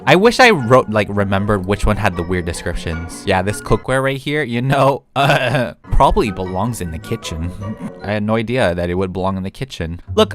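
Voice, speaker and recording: Man, lowish voice, rambling giggly game commentary, lots of fillers, music playing underneath. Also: fairly bright tone. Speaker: gaming video creator. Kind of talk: casual gameplay commentary. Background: background music.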